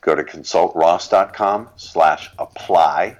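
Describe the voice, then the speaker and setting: Middle-aged male guest, booming deep voice, lively consultant who laughs a lot. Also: takes it slowly, poor audio. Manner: expressive, laughs often, spells out words. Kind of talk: interview conversation.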